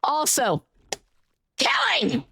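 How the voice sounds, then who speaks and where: High-pitched playful woman streamer. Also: wildly swooping pitch, drawn-out words, vocal fry, bright, forceful tone, dry recording, clean studio sound. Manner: playful, teasing, bursts of yelps and exclamations. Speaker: game streamer. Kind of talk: live gameplay stream chat.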